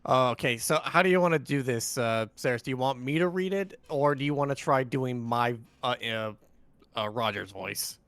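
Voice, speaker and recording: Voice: medium pitch, moderate pace, a bit bright, smooth, dry recording. A co-player chatting casually during a game playthrough, hesitant and full of fillers.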